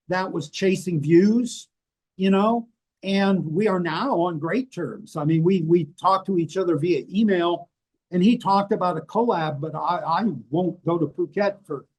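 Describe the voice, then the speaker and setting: Older american guy, kinda high voice, swears a lot, brutally honest interview chat. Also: a little mellow. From United States. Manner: blunt, profane, self-mocking. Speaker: interview guest, author. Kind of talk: candid casual conversation. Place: rainy place indoors, rain outside.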